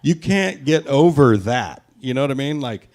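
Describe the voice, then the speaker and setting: A brash, profane male stand-up comic from the Pacific Northwest of the USA does a set with crowd work before a live audience at a brewery. His mid-range voice is a little mellow, with lively intonation at a normal speed. His delivery is crude and punchy.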